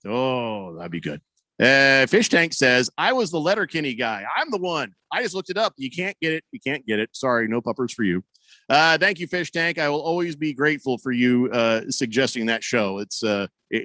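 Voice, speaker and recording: A man's voice: medium pitch, animated, normal speed, bright, forceful tone, no room sound. A man hosting a sports radio show, chatting casually and reading listener messages in a rambling, wry way. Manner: rambling, self-correcting, wry. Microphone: studio broadcast mic.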